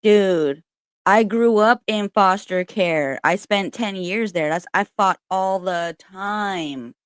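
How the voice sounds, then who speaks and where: A woman who is a spiritual reader and channel host runs a casual livestream chat from home. Her mid-range voice is clear and resonant, slow-paced and dryly recorded, and she's candid, chatty and profane, laughing often.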